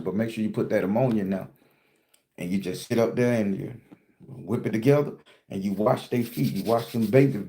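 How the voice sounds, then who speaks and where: A man's voice: medium pitch, warm tone. A man, teaching folk magic in a casual, profane, folksy way and acting out bits of dialogue. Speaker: spiritual teacher and tarot reader. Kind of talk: casual live-stream teaching.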